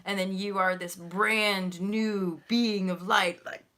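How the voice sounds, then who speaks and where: Bright, animated woman tarot host. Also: medium pitch, slow pace. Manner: animated, gushing, chatty with viewers, swears casually. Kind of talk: live-stream tarot reading.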